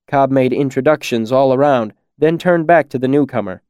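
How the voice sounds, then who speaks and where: A man reading an audiobook in a measured storytelling manner. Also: mid-range voice, a little mellow, smooth, no echo, clean studio sound. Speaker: audiobook narrator. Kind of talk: audiobook narration.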